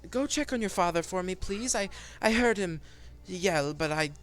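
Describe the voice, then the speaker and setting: A man voicing a mother absorbed in her spell work who talks in distracted, halting bursts and calls her child dearie. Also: sits high, lively intonation, a bit bright, pitched above the performer's own voice. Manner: distracted, breathy pauses, calls others dearie.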